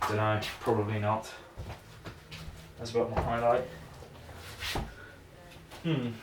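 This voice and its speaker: A young man rambling and musing aloud to himself while practising, easily distracted. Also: mid-range voice. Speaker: vlogger. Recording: roomy, distant, noisy.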